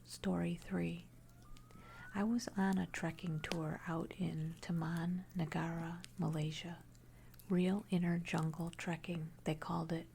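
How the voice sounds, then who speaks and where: A woman narrating a first-person horror story in a hushed, unvoiced whisper throughout. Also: fairly low pitch, flat delivery, a little slow, creaky, a little hiss or hum.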